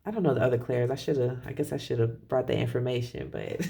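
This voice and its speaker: Gravelly, rambling tarot reader. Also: mid-range voice, quick pace. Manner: rambling, self-correcting, laughs softly. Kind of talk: casual spiritual reading.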